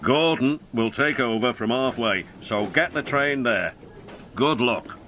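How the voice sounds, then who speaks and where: A man's voice: mid-range voice, bright, forceful tone, slight background noise. A man doing a stern railway boss. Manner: formal, brisk.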